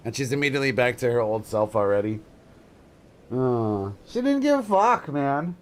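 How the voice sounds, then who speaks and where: A man's voice: mid-range voice, normal speed. A man streaming live, chatting casually and telling stories with lots of swearing and frequent laughter. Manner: animated, swearing storyteller who laughs often.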